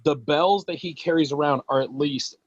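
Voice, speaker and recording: Man, podcast host, casual chat, animated anecdote, dry sound, dull lo-fi audio. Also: on the high side, normal speed, no room sound.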